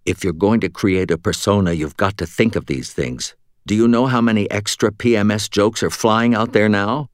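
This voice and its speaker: A man's voice: on the low side, normal speed, no echo, studio quality, lightly acted. A man doing a blunt, tough woman cop. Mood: disapproving. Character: small, tough woman police officer, blunt. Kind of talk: audiobook character reading.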